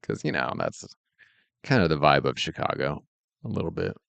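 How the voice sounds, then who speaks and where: A man's voice: rumbling low, expressive, moderate pace, creaky, fairly bright tone, dry recording. A man streaming while he works, chatting casually in a laid-back, meandering way and chuckling often. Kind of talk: casual rambling chat while working.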